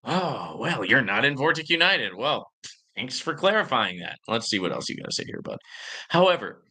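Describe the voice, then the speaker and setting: A man's voice: mid-range voice, very animated, fairly quick, sharp tone. A man hosting his own channel, talking to viewers in casual, joking commentary full of comical voice inflections. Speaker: YouTube channel host.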